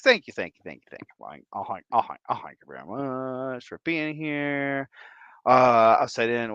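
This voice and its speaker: A man from Michigan hosting a livestream, giving goofy, playful shout-outs to his viewers. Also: mid-range voice, smooth, no echo, highs cut off. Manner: playful and goofy, drawn-out silly repetitions. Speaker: livestream host.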